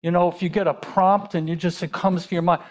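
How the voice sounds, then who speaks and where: Male pastor, high voice, chatty sermon delivery with questions to the congregation. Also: fairly even intonation, a little fast. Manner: conversational preaching with rhetorical questions.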